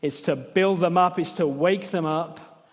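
A man's voice: a little high, a little slow. A man preaching a sermon in a conversational, wry way, often putting rhetorical questions to the congregation. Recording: long echoing reverb of a large hall.

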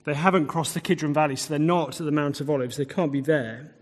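A man's voice: on the high side, fast. A man preaching an expository sermon in a church hall, explaining the text with repeated words for emphasis. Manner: expository, restarts and fillers, emphatic repetition. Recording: long hall reverb.

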